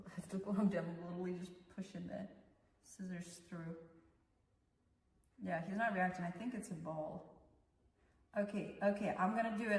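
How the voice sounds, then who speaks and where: A woman's voice: fairly low pitch, fairly even intonation, moderate pace, pauses often, far from the mic. A young woman vlogging in casual chat as she grooms her cat, mixing English and Russian, fussing over the animal. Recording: echoey room, voice from off-mic.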